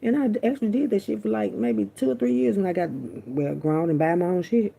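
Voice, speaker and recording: Woman vlogger, husky and breathy, casual storyteller who talks straight to camera, blunt and salty, repeats for emphasis. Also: medium pitch, a little fast, mellow. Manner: blunt, profane, chatty, repeats herself. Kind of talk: candid casual storytelling to viewers.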